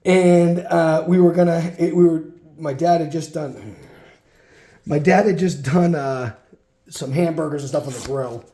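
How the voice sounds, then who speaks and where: A man's voice: a little high, unhurried, warm tone. Chatty man telling stories in an echoey room. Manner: rambling, chatty, many fillers and restarts. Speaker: card collection vlogger. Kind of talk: casual storytelling while sorting cards.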